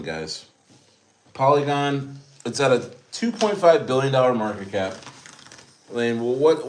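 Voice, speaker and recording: A man hosting a casual livestream, rambling about coins, repeating phrases and calling his viewers guys. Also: medium pitch. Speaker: crypto streamer.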